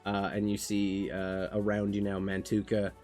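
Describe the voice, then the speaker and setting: A man's voice: on the low side, completely flat delivery, normal speed, a little mellow, faint music behind. A man running a tabletop game on a stream, casual and swearing as he narrates the action. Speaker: game master.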